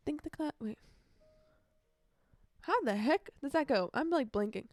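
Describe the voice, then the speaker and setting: A woman's voice: sits high, animated, a little slow, pauses often, dry recording. A young woman hosting her own casual podcast, rambling chattily and breaking into snatches of song. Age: young adult. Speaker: podcast host. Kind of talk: casual solo podcast chat. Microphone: earbuds.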